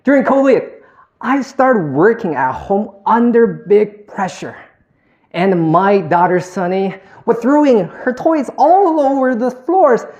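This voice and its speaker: A man in his thirties telling a personal story as a speech, slow and heartfelt, acting out the dialogue. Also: high-pitched, animated, darkish tone, muffled recording. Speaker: public speaker.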